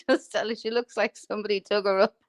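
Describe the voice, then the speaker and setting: A woman's voice: mid-range voice, dry recording, studio quality. A woman hosting a livestream, ranting in a foul-mouthed, mocking way and laughing at her own insults. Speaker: livestream host.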